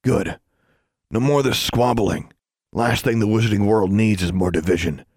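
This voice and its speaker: A man voicing a friendly middle-aged custodian wizard who gently lectures boys in an audiobook. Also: fairly low pitch, moderate pace, no room sound, clean studio sound, voice pushed up. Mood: genial. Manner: friendly, mildly admonishing.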